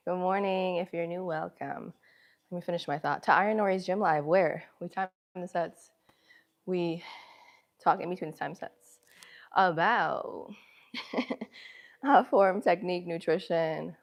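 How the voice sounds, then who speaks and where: A woman's voice: sits low, vocal fry. A woman live-streaming her workout, chatting casually with viewers between sets, laughing often and out of breath, with a runny nose. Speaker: fitness livestreamer. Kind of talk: casual live-stream chat while exercising.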